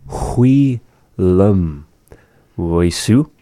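A man hosting a radio language lesson, pronouncing phrases slowly and carefully. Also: low-pitched, animated, dark tone, dry recording, clean studio sound. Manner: slow, careful pronunciation of phrases. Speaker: radio host teaching a language.

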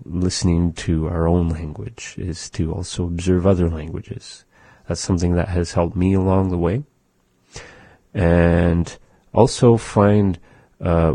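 A man's voice: low-pitched, warm tone, no echo. A man giving a patient radio language lesson and demonstrating sounds one by one. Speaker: language teacher.

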